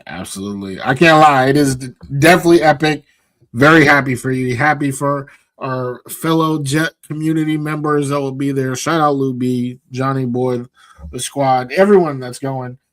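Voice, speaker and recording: A man's voice: mid-range voice, moderate pace, a bit bright, no echo. Easygoing man chatting sports. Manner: easygoing, upbeat, many fillers. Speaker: podcast co-host. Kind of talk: casual sports talk.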